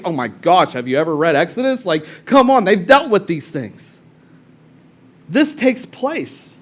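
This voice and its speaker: A pastor preaching a conversational sermon to a congregation, swinging between loud bursts and hushed asides. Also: male voice, high voice, very animated, measured pace. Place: church service before a congregation.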